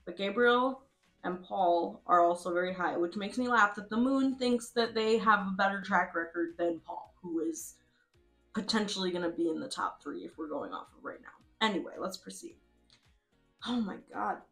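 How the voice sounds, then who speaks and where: A woman's voice: mid-range voice, moderate pace, a bit bright, soft background music. A woman giving casual, chatty commentary over a game, laughing often and swearing freely. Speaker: host.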